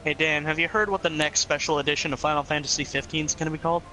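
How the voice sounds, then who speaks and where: A man chatting casually over a game stream, making quick quips and laughing often. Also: fairly high pitch, level tone, bright, forceful tone, faint music behind, poor audio. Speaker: friend joining the stream. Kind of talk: casual joking chat.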